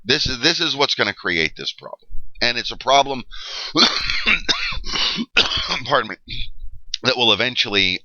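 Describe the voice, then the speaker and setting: A middle-aged history teacher delivers a classroom lecture, explaining step by step with frequent fillers and repeated checks of "okay?". His voice is fairly low, bright, and forceful. The recording is dry, dull, and lo-fi.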